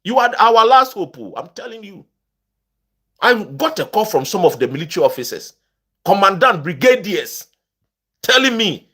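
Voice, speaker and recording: A man's voice: high-pitched, big pitch swings, normal speed, sharp tone, husky. A Ghanaian man ranting about politics to his online audience, impassioned and emphatic, switching between English and Twi. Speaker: political commentator. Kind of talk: animated political rant to camera.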